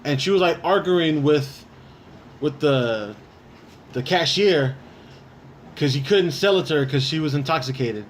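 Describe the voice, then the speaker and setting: A man's voice: on the high side, lively intonation, a little slow, pauses often. A man co-hosting a casual podcast, telling rambling stories and bantering defensively with friends. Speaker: podcast co-host. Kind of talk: casual chat. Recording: faint background noise.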